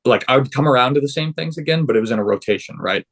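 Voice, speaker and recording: A man's voice: mid-range voice, racing. A young man, a podcast guest, casually recounting his story and acting out the lines of the people in it. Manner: animated, acts out quoted dialogue.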